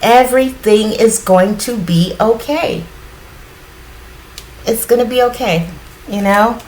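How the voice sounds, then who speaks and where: A woman giving a casual spiritual card reading in a groggy morning voice, often clearing her throat and rambling reassuringly with lots of fillers. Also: a little high, slow pace, a little mellow, a little hiss or hum, rough recording. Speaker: tarot card reader.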